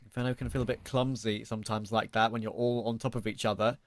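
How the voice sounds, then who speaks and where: A man doing live play-by-play esports commentary, calling the action quickly and excitedly. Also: fairly low pitch. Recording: broadcast with clear background noise.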